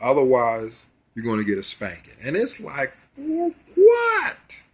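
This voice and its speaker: A man speaks in a casual video monologue, addressing his viewers directly and earnestly. His voice is husky and a little breathy, sitting at a middling pitch for a man. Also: expressive, moderate pace. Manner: earnest, talks straight to viewers. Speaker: vlogger.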